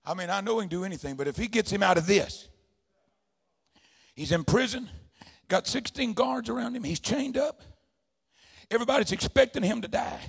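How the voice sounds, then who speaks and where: A man preaching a sermon, swinging between hushed, low storytelling and shouted, fervent declarations. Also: moderate pace, vocal fry, long pauses, husky.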